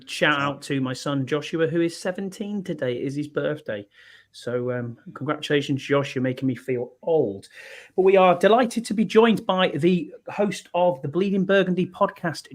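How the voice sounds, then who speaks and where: A man in his forties hosts a laid-back sports podcast, his voice sitting a little higher than most men's. He talks in a chatty, upbeat way, running through sponsor reads and the week's news. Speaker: podcast host. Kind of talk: casual podcast chat.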